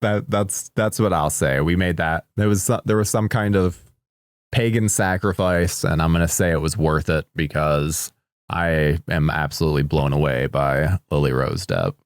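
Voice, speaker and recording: A man's voice: rumbling low, moderate pace, no room sound, clean studio sound. A man co-hosting a podcast, joking and laughing often as he talks casually about a movie. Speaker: podcast co-host. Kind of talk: casual movie-discussion chat.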